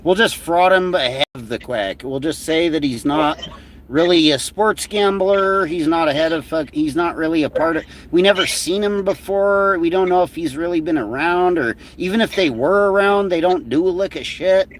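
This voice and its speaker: A man's voice: on the high side, normal speed, a little hiss or hum. A man co-hosting a livestream in casual banter, swearing a lot and mocking someone. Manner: mocking, swears a lot, shouts mimicked lines. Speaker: livestream co-host.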